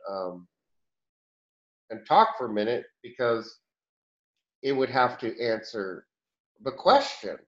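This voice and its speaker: A man answers questions in a channeling session at an even, middling pitch, rambling through restarts and soft chuckles. The sound is dull and lo-fi, with the top end muffled.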